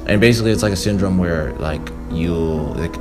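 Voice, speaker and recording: Man, casual story retelling, very low voice, slangy, music underneath. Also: brisk. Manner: laid-back, slang-heavy. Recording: music playing under the talk.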